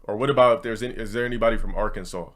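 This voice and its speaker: A man's voice: lowish voice, rapid-fire, a bit bright. A man streaming, telling a rambling story to his chat in blunt, profane casual talk. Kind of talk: casual ranting monologue to a live chat.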